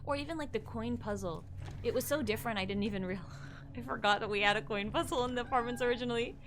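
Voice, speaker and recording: A woman's voice: fairly high pitch, fast talker, fairly bright tone, a little hiss or hum. A young woman streaming a horror game, chatting casually and thinking aloud, easily spooked. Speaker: gaming streamer. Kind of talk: casual live-stream commentary.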